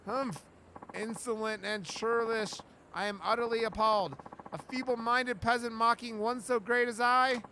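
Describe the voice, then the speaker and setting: A man's voice: very high voice, steady tone, moderate pace, bright, forceful tone, a little hiss or hum, heavily acted, poor audio. A man voicing a pompous, haughty male self-styled nobleman in his thirties who talks in flowery insults while reading a game aloud.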